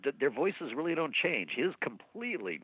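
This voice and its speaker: Brief: male voice-actor guest, lively up-and-down delivery, dry tinny phone sound. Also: a little high, normal speed, husky, no echo. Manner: animated storyteller, slips into impressions. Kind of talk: casual interview chat. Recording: thin phone-line sound.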